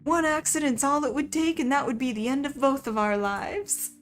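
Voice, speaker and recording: A woman's voice: high-pitched, normal speed, faint music behind, pitched above the performer's own voice, natural voice. A woman voicing a stern older female sparrow who rides a scooter, with a put-on Southern US drawl. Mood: gruff.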